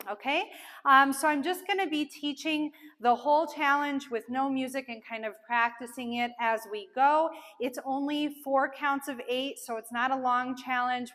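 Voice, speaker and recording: A woman with a high, bright voice teaches a dance lesson, talking in an unhurried, encouraging way and counting out the beats as she goes. Her voice carries a long reverb, as in a large room. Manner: chatty and encouraging, counts beats aloud with filler ums. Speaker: dance instructor.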